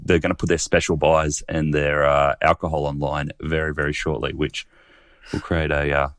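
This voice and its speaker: A man, co-hosting a podcast in casual chat, laid-back and measured with the odd swear. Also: rumbling low, level tone, fairly bright tone, no room sound, clean studio sound. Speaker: podcast co-host.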